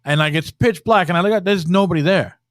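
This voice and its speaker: A man's voice: sits high, fast, no room sound, clean studio sound. A man telling a story in a casual podcast chat, rambling and swearing a lot. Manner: profane, rambling, animated storyteller. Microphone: podcast studio mic.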